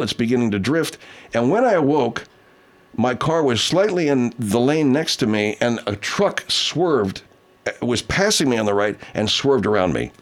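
A man hosting a casual talk show, telling a rambling, profane story with many restarts. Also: mid-range voice. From Southern California. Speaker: show host.

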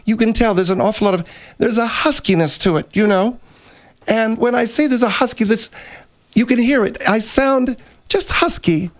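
A man voicing a cranky, bossy woman with laryngitis, husky and hoarse, who talks in a demanding, snappish way. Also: extremely high pitch, moderate pace, pitched above the performer's own voice. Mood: hoarse, irritable. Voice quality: husky, thick voice. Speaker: radio show co-host. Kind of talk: comedy radio character.

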